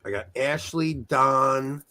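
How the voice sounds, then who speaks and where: Host: man with a Long Island accent, loose and chatty, mid pitch. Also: takes it slowly, bright, forceful tone. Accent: Long Island New York. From Long Island, New York. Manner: laughing easily, loose and chatty. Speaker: quiz host. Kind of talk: casual trivia show chat.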